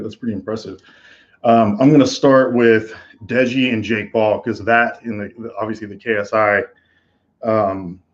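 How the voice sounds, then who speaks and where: A man with a fairly low voice hosts a live reaction commentary and rambles casually through his thoughts, full of fillers and restarts. The sound is dull and lo-fi, like a basic home mic. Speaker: host.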